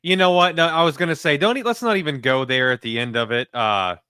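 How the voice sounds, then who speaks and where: A man co-hosting a casual live stream, jokey and quick to swear or apologize. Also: a little high, bright, forceful tone, clear, resonant tone, no echo, studio quality.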